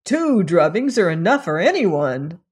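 Reader doing a timid curious servant boy, higher, pleading, slow — storybook. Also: big pitch swings, breathy edge. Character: curious, timid young male servant lad.

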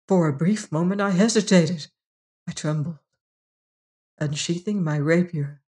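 Slow, brooding horror storyteller. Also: medium pitch. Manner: slow, measured, brooding delivery. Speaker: host and narrator of a horror story show. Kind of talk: dramatic horror reading.

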